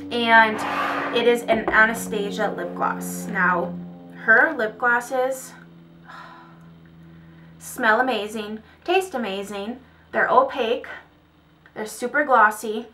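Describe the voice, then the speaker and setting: A young woman chatting casually as a beauty vlogger, gushing and telling stories in an animated way at her vanity. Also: on the high side, background noise. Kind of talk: casual chat. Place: home vanity area.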